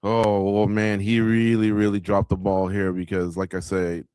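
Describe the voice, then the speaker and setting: A man's voice: fairly low pitch, little pitch movement, normal speed, a little mellow, clear, resonant tone, dry recording, studio quality. A man hosting a live watch-along of a fight night, breaking down the action in a loose, conversational way and speaking straight to the viewers. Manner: conversational, talks to viewers, lots of filler words. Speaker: radio show host.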